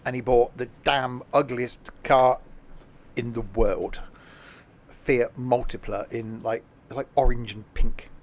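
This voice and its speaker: A man's voice: medium pitch, steady tone, slow. A man streaming a train simulator, rambling and self-mocking, with many fillers. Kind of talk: live gameplay commentary.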